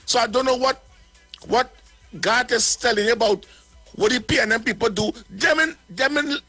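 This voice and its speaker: A man's voice: very high voice, normal speed, sharp tone, no room sound, faint music behind. A man with a Trinidadian accent giving blunt, indignant political commentary as a caller, often repeating words as he goes.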